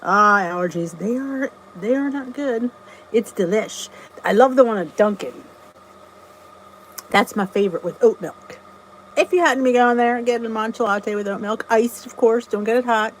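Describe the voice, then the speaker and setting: A woman's voice: on the high side, moderate pace, slight background noise, rough recording. Chatty woman hosting a live stream. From New Jersey. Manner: chatty, greets viewers by name, laughs at herself. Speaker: channel host. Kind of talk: casual live-stream chat.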